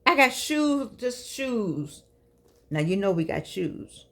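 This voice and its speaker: A woman in her 60s with a mid-range, slightly bright, sing-song voice takes her time delivering a motivational talk to camera. A vlogger addressing seniors, she's chatty, preachy, folksy and emphatic.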